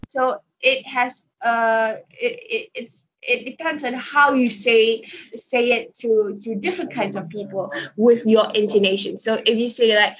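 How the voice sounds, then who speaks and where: A woman's voice: a little high, steady tone, normal speed, breathy edge, muffled recording. A woman lecturer explaining course ideas through examples, often starting with "okay, so" and restarting her sentences. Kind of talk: online university lecture.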